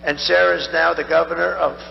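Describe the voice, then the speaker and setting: A heavily gravelly, somewhat high-pitched older man holds forth at a political rally, wandering and boastful, circling back to the same phrases. His voice sounds strained from overuse. It rings through a large hall with long reverb, the sound dull and lo-fi over a steady hum. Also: a little fast. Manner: rambling, repetitive, boastful. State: strained, tiring voice. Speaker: political candidate. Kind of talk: campaign rally speech. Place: large rally venue with a crowd.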